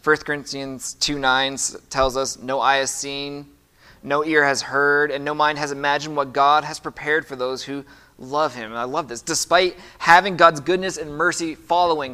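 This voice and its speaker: Bright-voiced male pastor preaching. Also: on the high side. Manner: emphatic preaching, reads scripture aloud, asks the congregation questions. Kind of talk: sermon.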